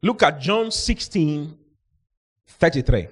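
A male pastor preaching a lively sermon, reading scripture and acting out the people in it, sometimes shouting. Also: on the high side, slow, husky. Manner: animated, shouting out and acting out Bible characters.

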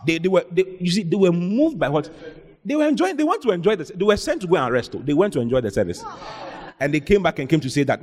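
Male preacher, higher-pitched, swings his voice up and down as he exhorts the congregation, long hall reverb. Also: lively intonation, quick pace, darkish tone. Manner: exhorting, calls out to the congregation, reads scripture aloud. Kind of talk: sermon with Bible readings.

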